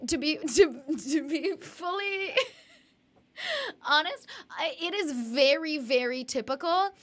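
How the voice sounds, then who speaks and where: A woman's voice: high-pitched, big pitch swings, slow pace, a bit bright. A young woman streaming live, chatting casually and rambling, laughing often as she reads out chat messages. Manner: bubbly, giggly, rambling, reads chat aloud.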